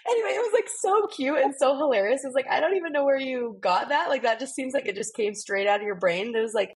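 A woman in her thirties with a soft, breathy voice tells a story on a parenting podcast. She rambles and giggles, filling her talk with "like" and "you know.". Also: high-pitched, animated, fast. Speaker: podcast co-host. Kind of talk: casual parenting podcast chat.

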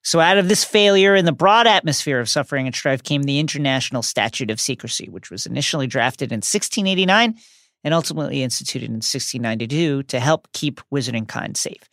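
A man co-hosting a podcast, reading prepared notes in a measured, explanatory way with playful asides. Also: mid-range voice, lively intonation, a bit bright, no echo, clean studio sound. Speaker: podcast co-host.

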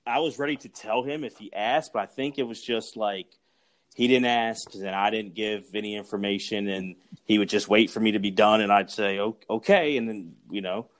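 Low-voiced man, easygoing host. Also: fairly even intonation, normal speed. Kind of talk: casual conversation.

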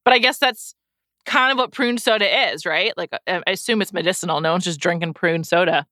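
A woman in her thirties co-hosting a podcast in casual chat, chatty and quick to laugh at herself. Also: fairly low pitch, sharp tone, no echo, clean studio sound. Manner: chatty, laughs often, self-deprecating. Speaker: podcast co-host.

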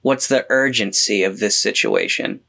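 A man's voice: on the low side, wildly swooping pitch, normal speed, vocal fry, bright, forceful tone. A man playing a tabletop game, chatting in an easygoing, slightly hesitant way. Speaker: player. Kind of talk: casual game chat.

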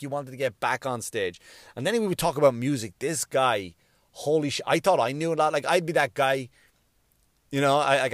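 A man with a mid-pitched voice tells a profane, meandering story on his own comedy podcast. He keeps circling back and restarting his sentences. The sound is close-miked and dry, with no room echo. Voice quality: profane, rambling, with frequent restarts. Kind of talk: casual storytelling tribute.

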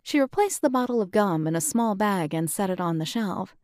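A woman narrating a first-person audiobook in a steady, matter-of-fact way. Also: mid-range voice, fairly quick, no room sound, studio quality.

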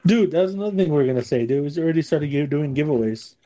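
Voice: medium pitch, lively intonation, fast, dark tone. A podcast co-host in casual chat, often laughing.

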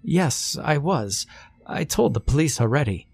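A man's voice: fairly high pitch, very animated, measured pace, gravelly, a little mellow, slightly rough, no room sound, soft background music, voice pushed up, exaggerated voice. A man voicing a frightened, grieving mother who talks in a trembling, shaky voice, holding back tears. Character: frightened grieving mother, middle-aged woman.

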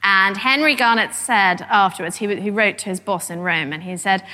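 Bright-voiced woman lecturing in a hall. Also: mid-range voice, moderate pace, few pauses. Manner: lively, animated storyteller. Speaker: historian giving a lecture. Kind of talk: public lecture, storytelling.

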